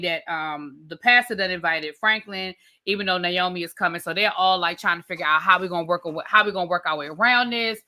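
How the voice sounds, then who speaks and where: A woman hosting a casual live TV review, recapping scenes with chatty asides to her viewers. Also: lowish voice. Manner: chatty, animated storytelling with frequent asides to viewers. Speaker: TV review host.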